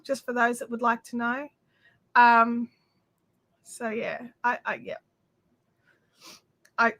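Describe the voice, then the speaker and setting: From her home, an Australian woman runs a craft livestream in a high, bright, very crisp voice. In casual chat she effusively talks to viewers and reads out their comments, with many fillers and restarts.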